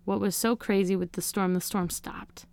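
A woman's voice: mid-range voice, steady tone, normal speed, a little mellow. A woman, as an interview guest, candidly recounts a personal story in an earnest, emotional way, often leaning on "you know" and "like.".

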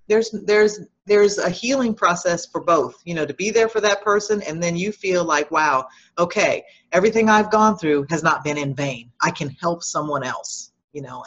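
Lower-voiced woman on a dull line. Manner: reflective, gentle, advising. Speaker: guest. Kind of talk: conversational interview.

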